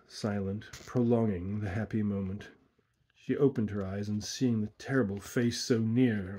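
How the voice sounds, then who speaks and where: A man slowly reading a horror story aloud in a hushed, deliberate way. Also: on the low side, husky. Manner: slow, hushed, deliberate narration.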